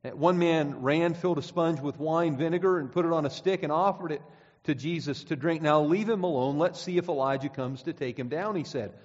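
A man's voice: a little high, brisk. A man preaching a sermon in a conversational way, often repeating words and reading scripture aloud. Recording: dull sound with long hall reverb.

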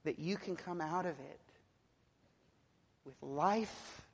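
A woman delivers a sermon in a church sanctuary, her voice sitting fairly low. She presses her points with repeated words and climbs to loud, insistent peaks before sinking to a hush, and a long reverb trails each phrase. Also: slow, slightly rough. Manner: builds to loud, emphatic preaching, then drops soft and low. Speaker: preacher. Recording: long reverb of a large hall.

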